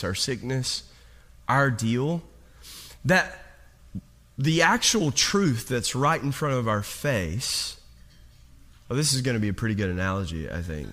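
During a sermon, a pastor with a medium, fairly bright voice shares a story from his own life. He talks directly to the congregation, frequently starting over and repeating himself.

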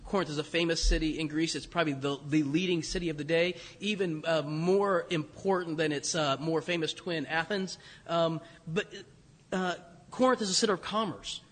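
A man preaching a sermon in a relaxed storytelling way, chuckling at himself as he goes. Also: on the high side, normal speed. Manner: storytelling, conversational, self-deprecating with chuckles. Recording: long hall reverb.

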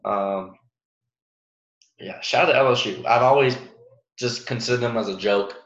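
A young man hosts a casual sports podcast on his own, rambling through fillers and restarts and chuckling at his own jokes. His voice sits at a middle pitch. The recording sounds roomy and a little dull and muffled. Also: moderate pace, fairly bright tone. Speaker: podcast host. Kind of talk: casual solo sports talk.

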